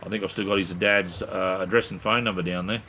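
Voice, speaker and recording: A rambling, jokey middle-aged Australian man chatting casually to a live stream audience in a lowish voice. He restarts his sentences and drifts between stories. Faint vehicle and ambient noise sit behind him. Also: steady tone, a little fast, sharp tone. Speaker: livestream host. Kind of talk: casual live chat reading viewer comments.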